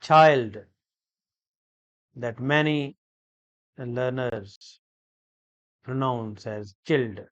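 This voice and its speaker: A man teaching an English grammar lesson, explaining each word slowly and deliberately, with frequent hesitations and repeated phrases. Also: mid-range voice, dry recording, muffled recording. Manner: slow, deliberate, repetitive explanation with many hesitations.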